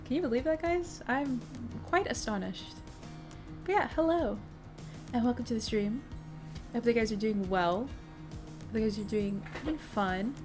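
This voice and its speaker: A young woman with a slightly high voice hosts a casual livestream from home. She is bubbly and chatty with viewers and swears now and then. Soft music plays faintly behind her. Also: expressive, normal speed, long pauses. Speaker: livestream host. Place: home streaming setup. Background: faint music playing.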